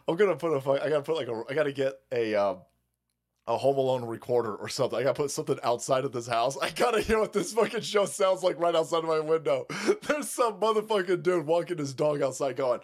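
On a livestream, a host rants about politics at a fairly quick pace, reading viewer comments aloud and mocking them with heavy profanity. The voice is medium-pitched.

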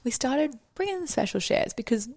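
A woman's voice: high-pitched, expressive, brisk, a little mellow, dry recording, clean studio sound. A young woman co-hosting a podcast in casual chat, upbeat and encouraging. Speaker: podcast co-host.

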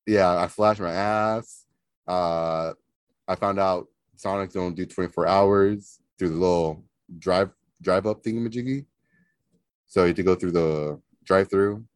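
A man telling a story on a podcast, animated and profane, often laughing. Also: sits low, measured pace, no room sound, clean studio sound. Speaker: podcast co-host. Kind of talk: casual storytelling.

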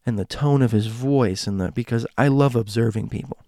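A man telling a story casually, slowing and dropping to a hush at suspenseful moments with dramatic pauses. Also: medium pitch, no echo, clean studio sound.

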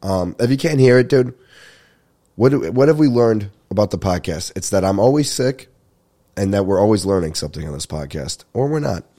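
Young male podcast host, stuffy-nosed, low mellow voice, rambling, swears a lot. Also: lively intonation, fairly quick. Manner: rambling, swearing, laughs while telling stories. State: congested, getting over a sinus infection. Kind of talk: casual comedic storytelling.

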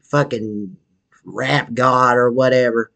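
A crude, foul-mouthed slob of a man rambles in a slangy drawl, boasting that he is a rapper, as a man puts on the character. His voice sits at a middling pitch and drags along between drags on a cigarette. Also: fairly even intonation, slow, creaky, fairly bright tone. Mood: boastful. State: smoking a cigarette while talking. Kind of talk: comedy sketch monologue.

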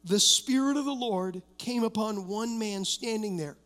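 A man's voice: high-pitched, measured pace, a bit bright. A middle-aged male pastor preaching an emphatic sermon, weaving personal stories into declarations. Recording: long reverb of a church hall.

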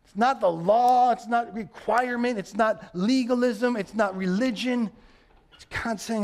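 High-voiced man preaching a sermon. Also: unhurried. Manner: conversational, repetitive emphatic preaching. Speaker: pastor.

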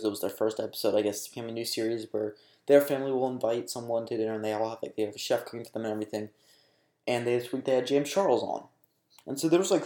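A man's voice: medium pitch, darkish tone, roomy sound. A young man delivering a casual commentary rant, exasperated and sarcastic, swearing freely. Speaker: commentary YouTuber.

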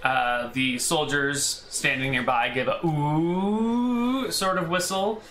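A man narrating as game master of a tabletop game in a relaxed, hesitant way. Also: medium pitch, measured pace, a little hiss or hum. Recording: roomy echo.

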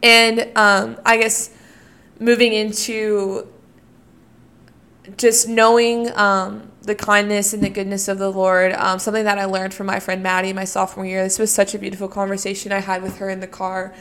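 Young woman, casual devotional talk, smooth clear tone, fairly flat delivery. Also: mid-range voice, moderate pace. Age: young adult. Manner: earnest, reflective, many fillers like "you know" and "like". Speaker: college student sharing faith lessons.

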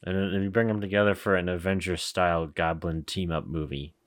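A man with a low voice chats casually on a podcast. He keeps up with his co-host through quick reactions and amused interjections. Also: steady tone, dry recording. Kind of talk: casual chat.

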